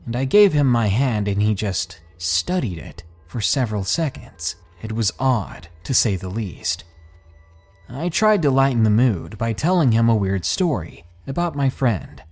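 A man narrating listener stories for his podcast, measured and paced with dramatic pauses. His pitch moves in a lively way through each line. Soft music plays faintly under his voice. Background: faint background music.

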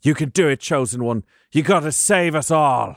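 A man's voice: a little high, normal speed, no echo, studio quality, natural voice. A man voicing a commanding female leader of the were-folk, giving a bossy rallying speech. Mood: urging. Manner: rallying, bossy pep talk.

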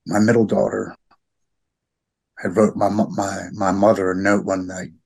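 Middle-aged guy, low gravelly voice, husky, stops and restarts a lot, heartfelt. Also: level tone, darkish tone. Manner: halting, repeats words, heartfelt. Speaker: podcast guest. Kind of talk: emotional personal conversation.

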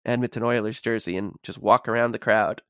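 Male podcast guest, low voice, dry sound, rambling storyteller. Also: fairly even intonation, brisk, fairly bright tone, clear, resonant tone, dry recording. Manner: rambling, repeats words, many likes. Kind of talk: casual sports podcast chat.

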